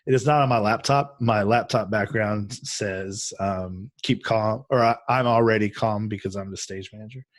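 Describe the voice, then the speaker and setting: A man's voice: lowish voice, normal speed, hardly any pauses, dry recording. A man hosting a casual chat, rambling through a story with many fillers and restarts. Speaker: podcast host. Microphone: video call.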